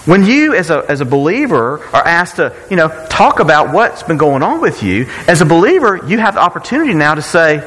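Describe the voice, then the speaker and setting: A man's voice: on the high side, very animated, brisk, hardly any pauses, a bit bright, in a large hall, poor audio. A man preaching a sermon in a conversational way, often repeating words and asking rhetorical questions. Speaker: pastor.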